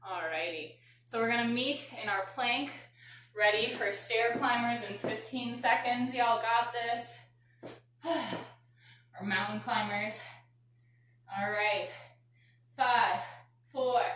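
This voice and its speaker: The recording comes from a distant mic in a very echoey room with faint noise, where a fitness and yoga instructor runs a live workout class. She counts reps and breathes out audibly while winded, her voice high, bright, and forceful.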